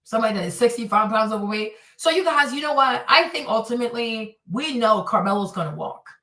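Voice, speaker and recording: A woman hosting a reaction stream, ranting loudly and mockingly with lots of swearing. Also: a little high, lively intonation, a little fast, roomy sound, far from the mic. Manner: loud, profane, mocking rants. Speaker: streamer host.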